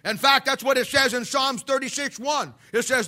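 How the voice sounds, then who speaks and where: A preacher man delivering a fiery sermon, swinging between loud shouts and hushed asides. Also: very high-pitched, brisk, few pauses.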